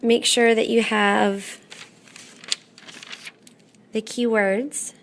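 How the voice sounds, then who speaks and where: A woman teaching a classroom lesson, patient and methodical, often pausing to check in. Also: on the high side, flat delivery, vocal fry, a little hiss or hum. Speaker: Spanish teacher.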